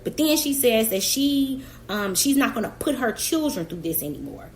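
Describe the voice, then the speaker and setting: A woman's voice: on the high side, lively intonation, normal speed, a little hiss or hum. Chatty woman reacting for her viewers. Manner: chatty, emphatic, talks directly to the absent subject. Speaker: reaction channel host. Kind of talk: casual commentary to viewers.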